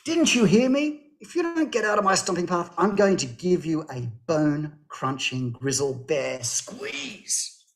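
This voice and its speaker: A man's voice: sits high, moderate pace, gravelly, a little hiss or hum, pitched above the performer's own voice. A man voicing a grumpy, stomping male grizzly bear in a children's story, bellowing complaints and threats. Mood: threatening.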